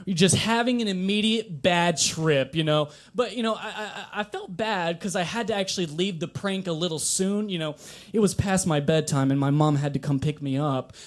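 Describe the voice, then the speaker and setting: High-voiced man doing stand-up. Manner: deadpan delivery with sudden animated outbursts. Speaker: stand-up comedian. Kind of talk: stand-up comedy set. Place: coffee shop open mic.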